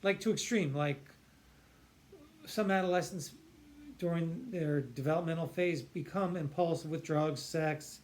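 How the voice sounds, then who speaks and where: Man, psychiatrist, slightly high voice, earnest, emphatic, restarts sentences. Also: measured pace, slight background noise. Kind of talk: explanatory talk to camera.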